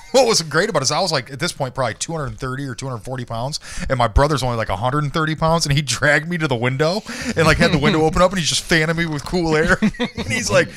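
A man's voice: a little high, fast talker, fairly bright tone. Young male podcast co-host, crude banter, laughs a lot. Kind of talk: casual chat.

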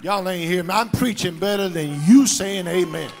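A middle-aged man preaching a sermon as pastor, rising into shouts and whoops, with a slight cough. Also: high voice, normal speed, soft background music, some chatter behind.

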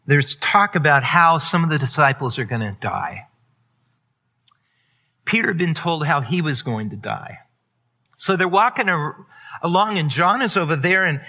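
Pastor, male, bright tone, candid confessional testimony with emphatic build. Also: a little high. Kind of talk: personal testimony sermon.

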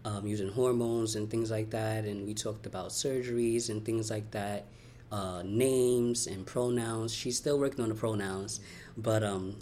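A young man from Brooklyn tells his story in an interview. His voice sits on the low side and he speaks candidly, in quick, heartfelt runs full of "you know" and "like." A faint hiss of noise runs under the recording. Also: steady tone, mellow. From Brooklyn, New York. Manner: candid, fast-flowing, heartfelt, many "you know" and "like" fillers.

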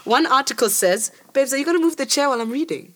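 A woman's voice: sits high, animated, fast talker, a bit bright. A woman co-hosting a podcast, telling stories in casual chat and laughing often. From Africa. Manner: chatty, storytelling, laughs often. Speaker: podcast co-host.

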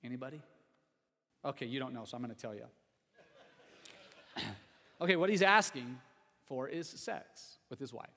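A man's voice: medium pitch, lively intonation, normal speed, long pauses, pushed and bright, in a large hall. A male pastor preaching a sermon in a chatty, joking way, speaking directly to the congregation. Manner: conversational preaching with jokes and asides to the congregation. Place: church sanctuary.

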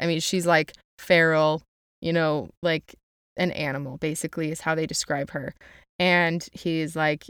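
A woman's voice: low-pitched, fairly even intonation, measured pace, fairly bright tone, clean tone, no echo, studio quality. A young woman summarizing a novel in a chatty, casual way, with lots of "like" and quotes read aloud. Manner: chatty, uses "like" a lot, reads quotes aloud.

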